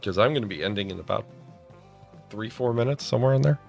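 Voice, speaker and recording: A man with a very low voice chats casually while streaming a game, making dry jokes and rambling asides. He sounds tired, and faint music plays behind him. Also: animated, fast talker, vocal fry. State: tired, yawning.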